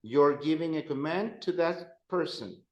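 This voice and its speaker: A man teaching a grammar class, playful and animated, repeating phrases and addressing students. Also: on the high side, measured pace, roomy sound, lo-fi sound. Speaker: Spanish teacher.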